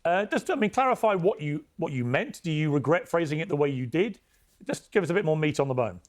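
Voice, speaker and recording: A man's voice: a little high, sing-song, fast talker. A man hosting a TV debate, cutting in to steer the discussion. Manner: interjecting, steering. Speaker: show host. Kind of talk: moderating a TV debate.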